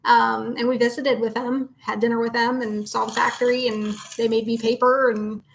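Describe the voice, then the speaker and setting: A woman's voice: fairly high pitch, level tone, normal speed, creaky, slight background noise, poor audio. Woman co-host, casual live show from home, talkative, fixes her words mid-sentence. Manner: chatty, reads out questions, corrects herself. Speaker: co-host answering viewer questions.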